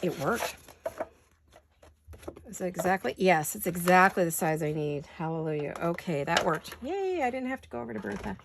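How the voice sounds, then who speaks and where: Woman, crafting vlog host, gravelly, playful self-talk, home studio, slight background hiss. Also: fairly low pitch, lively intonation, moderate pace. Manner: rambling, self-talking, playful. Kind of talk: chatty craft-along narration.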